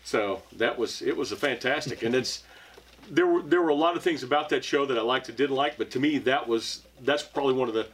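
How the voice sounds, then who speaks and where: A man's voice: medium pitch, brisk, a bit bright, breathy edge. A man casually chatting on a podcast, rambling and restarting his sentences. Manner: rambling, starts sentences over and over. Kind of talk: casual chat.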